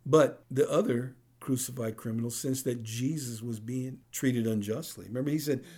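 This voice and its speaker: A man preaching a sermon as pastor, in a conversational way, often checking in with the congregation with a quick "right?". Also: mid-range voice, a little mellow, husky.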